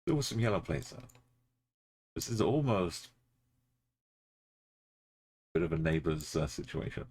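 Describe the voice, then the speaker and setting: Brief: low, gravelly male streamer, unhurried, playful muttered commentary. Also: very animated, darkish tone. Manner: mutters place names, playful asides. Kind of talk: casual live-stream commentary while playing.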